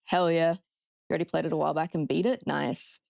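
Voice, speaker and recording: A woman's voice: low-pitched, fairly even intonation, fairly quick, vocal fry, a little mellow, no echo, studio quality. An Australian woman streaming a horror game, chatting with her viewers and swearing freely. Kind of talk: casual live-stream gameplay commentary.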